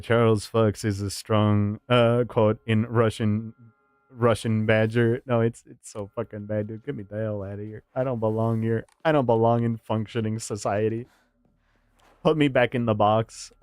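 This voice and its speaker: A man's voice: lowish voice, fairly even intonation, moderate pace, a little mellow, clean tone, dry recording. A man streaming a horror game, chatting casually with viewers, swearing and laughing often and jumping into silly voices. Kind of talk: casual gaming stream chat.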